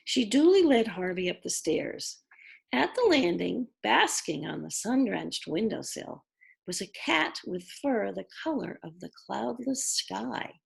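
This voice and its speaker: A woman reading a children's novel aloud, narrating expressively and doing voices for the characters. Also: mid-range voice. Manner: expressive, slow and husky. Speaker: audiobook narrator. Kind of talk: storybook narration.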